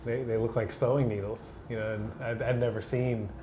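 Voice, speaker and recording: A man's voice: mid-range voice, little pitch movement, brisk, mellow, reverberant, a little hiss or hum. A man hosting a podcast, chatting casually and swearing lightly. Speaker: podcast host. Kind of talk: casual chat.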